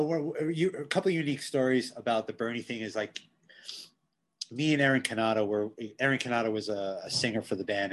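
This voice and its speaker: Guitar tech guest, male, Long Island; chatty, animated storyteller, mid-pitched voice. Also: breathy edge. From Long Island, New York. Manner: animated, swears when excited. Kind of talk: casual storytelling.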